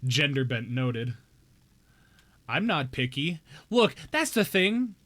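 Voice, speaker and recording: A man's voice: mid-range voice, very animated, slow, a bit bright. A young man live-streaming a game, chatting casually with viewers in a playful, joking way with bouts of mock outrage. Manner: playful, jokey, talks straight to chat with mock outrage. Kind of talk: casual live-stream chat while gaming.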